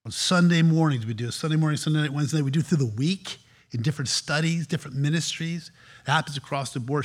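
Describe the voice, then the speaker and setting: A man preaching a sermon as pastor, animated, acting out quoted voices with shifts of tone. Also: mid-range voice, breathy edge.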